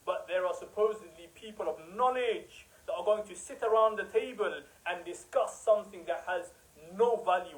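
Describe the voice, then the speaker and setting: A man's voice: high voice, low-quality recording. A man giving an impassioned religious talk, emphatic and rhetorical, sometimes mocking the people he criticizes. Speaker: preacher.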